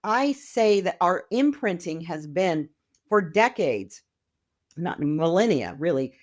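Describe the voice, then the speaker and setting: A woman's voice: fairly low pitch, sing-song, slow pace, a little mellow. A middle-aged woman speaking as a podcast guest, talking casually and with enthusiasm, often acting out quoted voices. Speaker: podcast guest, wealth mentor. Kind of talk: casual conversational interview.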